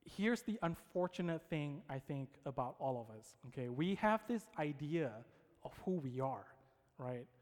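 A man preaching a sermon, telling a personal story with lively quoted voices and frequent check-ins with his audience. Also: on the high side, a little slow. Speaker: pastor. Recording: long hall reverb.

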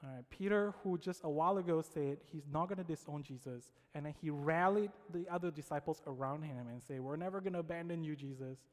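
A man preaching a sermon, telling a personal story with lively quoted voices and frequent check-ins with his audience. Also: fairly high pitch, fairly quick, hardly any pauses. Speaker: pastor. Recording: long hall reverb.

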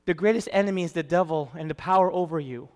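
A man preaching a sermon, animated, swinging from loud emphasis to hushed storytelling. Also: on the high side, quick pace. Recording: long hall reverb.

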